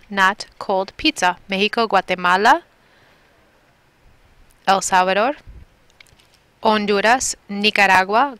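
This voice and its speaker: A woman from Milwaukee, Wisconsin, USA, teaches a Spanish lesson in a recorded class, patiently repeating and drilling words. Her mid-range voice is sharp and clean, with no echo.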